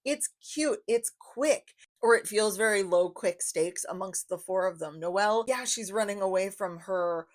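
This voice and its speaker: A woman's voice: medium pitch, unhurried, hardly any pauses. A young adult woman giving a casual book review, chatty and enthusiastic, repeating phrases for emphasis.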